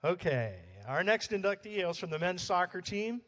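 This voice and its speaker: A man's voice: high-pitched, fairly quick, fairly bright tone, long reverb tail, rough recording. A man serving as emcee, reading a formal introduction of the next inductee at a banquet. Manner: announcing, reading a prepared introduction. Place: banquet hall.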